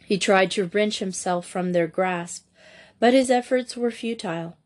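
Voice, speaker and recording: A woman narrating a mystery novel aloud in a measured storytelling manner. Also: mid-range voice. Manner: measured storytelling, voicing each character. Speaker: audiobook narrator. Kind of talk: scripted narration.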